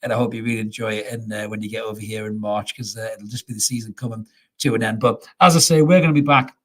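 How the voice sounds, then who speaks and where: A man's voice: on the low side, fairly even intonation, fast, a bit bright, husky. A man hosting a casual football fan show, chatty, laughing often and calling people mate. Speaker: fan podcast host.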